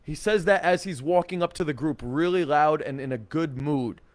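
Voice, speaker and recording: A man giving casual dating advice to camera, energetic and blunt, with swearing and lots of 'like'. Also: a little high, normal speed, no room sound. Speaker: dating coach.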